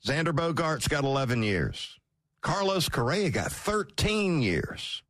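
Animated sports radio host. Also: male voice, a little high, a little slow, no room sound, studio quality. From Georgia, US. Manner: animated, wry, chatty. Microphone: studio mic.

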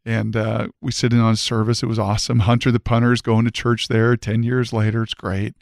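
Ex football guy on a podcast, gravelly voice, earnest storytelling, dry close mic. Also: medium pitch, monotone, dry recording. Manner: earnest, fervent, quick to restart sentences. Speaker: podcast guest, former football player. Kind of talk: emotional personal storytelling.

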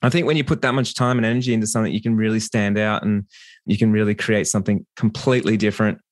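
A man hosting a casual podcast, telling a relaxed story about his business. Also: lowish voice, fast, no room sound, clean studio sound.

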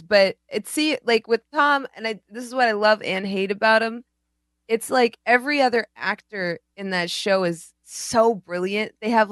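A woman's voice: mid-range voice, a bit bright, dry recording, studio quality. A woman co-hosting a podcast, chatting casually and giving opinions. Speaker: podcast co-host. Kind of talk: casual chat.

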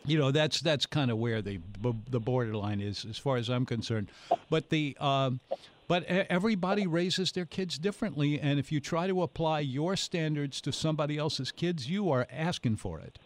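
A man's voice: on the high side, expressive, normal speed, no echo. A man hosting a call-in food show on the radio, talking in a folksy, rambling way and telling anecdotes. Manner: folksy, rambling, tells anecdotes with put-on voices. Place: radio studio. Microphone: studio microphone.

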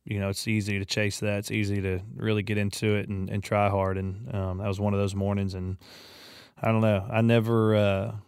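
A man's voice: on the low side, monotone, a little fast, darkish tone, smooth, no room sound, clean studio sound. A man, a touring singer-songwriter, chatting casually as a podcast guest in a laid-back, rambling way, often saying "man". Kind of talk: casual interview chat.

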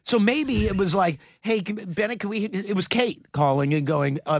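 A man's voice: sits high, fairly quick, vocal fry, few pauses, breathy edge, no room sound, clean studio sound. A man co-hosting a casual chat, joking and self-deprecating, acting out little scenes as he talks.

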